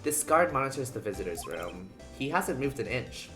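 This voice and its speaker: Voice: medium pitch, sing-song, normal speed, fairly bright tone, faint music behind. A streamer giving casual commentary while playing a game, chatty and joking in reaction to the story.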